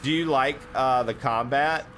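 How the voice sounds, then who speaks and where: A man's voice: mid-range voice, a little slow, fairly bright tone, faint music behind. A man streaming a horror game, chatting casually with viewers, rambling and swearing freely. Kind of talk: casual gaming stream chat.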